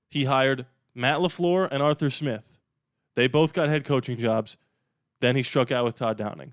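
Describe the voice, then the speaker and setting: A man talks through his opinions in a casual, emphatic way, like the host of his own sports channel. His voice is smooth and clear at a middle pitch. The sound is dry and close, with no room echo.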